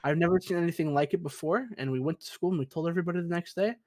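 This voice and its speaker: A man's voice: a little high, very fast, darkish tone, no room sound. A young man co-hosting a podcast, chatting casually from his basement, cursing freely and calling everyone dude. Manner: laid-back, swears a lot, says dude. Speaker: podcast co-host. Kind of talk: casual chat. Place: basement room.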